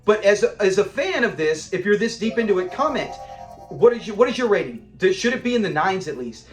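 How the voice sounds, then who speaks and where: A man casually reviewing a classic sitcom episode, animated and laughing often as he acts out scenes. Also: sits high, brisk, reverberant, faint music behind. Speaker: show reviewer.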